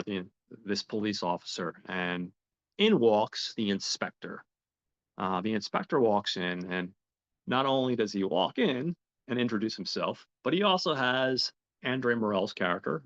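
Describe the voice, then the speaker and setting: A man's voice: on the low side, fairly bright tone, no echo, dull audio. A man casually retelling a film plot on a podcast, briefly voicing the characters and often repeating words and saying um. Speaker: podcast host.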